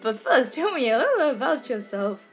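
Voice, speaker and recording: A woman voicing an elderly male professor who kindly welcomes a newcomer, in an earnest, halting attempt at an impression from a game. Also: high-pitched, sing-song, faint music behind. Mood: welcoming. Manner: earnest and halting, breaking into giggles.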